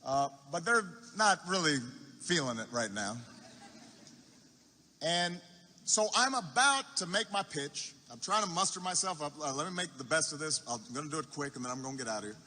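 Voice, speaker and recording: A man speaking at a campaign rally, telling a story slowly, repeating words for effect and restarting mid-phrase. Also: fairly high pitch, lively intonation, bright, forceful tone. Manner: unhurried anecdote with repetition for effect and halting restarts. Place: large university arena. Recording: echoey arena with long reverb.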